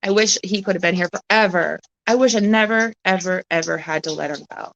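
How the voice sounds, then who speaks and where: A woman chatting on a live stream, close to tears, halting and emotional, swearing often as she talks. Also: fairly low pitch, gravelly, fairly bright tone, dull audio, a little hiss or hum. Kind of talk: casual live-stream chat.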